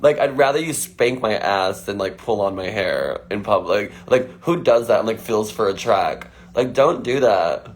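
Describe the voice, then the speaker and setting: A man's voice: fairly low pitch, lively intonation, normal speed, few pauses, a little hiss or hum. A man chatting casually on a phone livestream, answering fan questions with lots of fillers. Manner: chatty, filler-heavy, frequent "like".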